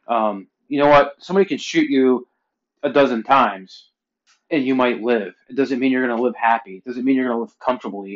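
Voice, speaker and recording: A man in his forties from Pennsylvania, ranting casually and profanely to his viewers, his voice growing loud and heated. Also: dull audio. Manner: profane, heated ranting that climbs louder and higher. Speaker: vlogger. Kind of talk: casual rant to camera.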